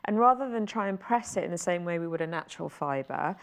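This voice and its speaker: A woman's voice: fairly low pitch, expressive, a little fast. A woman from Wales with a Welsh accent, presenting a sewing demonstration on a shopping channel and explaining each step in a chatty way.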